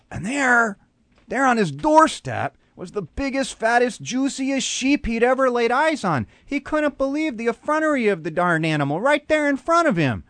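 On a radio program, a pastor with a medium-pitched male voice tells a dramatic story, animated and full of repetition.

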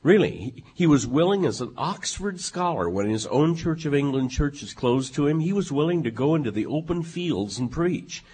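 A man speaking in an emphatic, professorial way as a guest on a theology talk show, slowing down to stress points. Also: fairly high pitch, expressive, a little mellow, slightly rough. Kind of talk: lecture-like conversation.

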